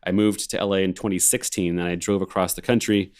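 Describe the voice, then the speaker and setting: A man's voice: low voice, fairly even intonation, fast, darkish tone. A man in his thirties from Alabama with an American accent, chatting about his career in a laid-back, rambling way over a video call, laughing often. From Alabama, USA. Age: 30s. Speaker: organist and film composer, co-host. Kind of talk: casual chat.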